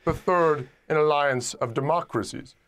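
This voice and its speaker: A man speaking in a slow, deliberate, affected manner, as if weighing every word. His lips stay loose and relaxed, so the words come out drawn-out and soft-edged. The pitch sits a little above the usual for a man. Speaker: academic guest in archived clip. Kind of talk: measured interview answer.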